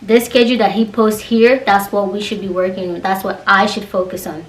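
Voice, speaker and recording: A young woman vlogging a casual storytime rant, animated and exasperated, acting out the quoted dialogue. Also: mid-range voice, a little fast, distant mic. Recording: roomy echo, voice away from the mic.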